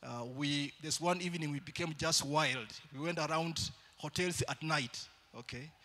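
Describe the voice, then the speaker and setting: A man preaching a sermon in church, shifting between loud calls to the congregation and quieter storytelling. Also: a little high, normal speed.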